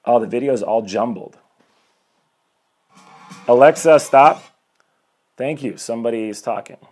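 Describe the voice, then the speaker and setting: Soft music plays behind a man whose mid-range voice has a breathy edge and moves at normal speed. In his forties, he's a life coach streaming live from home, energetically and a little ramblingly urging viewers toward self-improvement and greeting each arrival.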